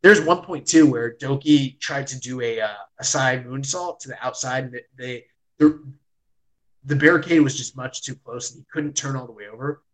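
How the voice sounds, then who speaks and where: Excitable man recapping in casual chat. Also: medium pitch, normal speed, rough recording. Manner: excitable storyteller, heavy use of "like", swears. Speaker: podcast host reviewing wrestling.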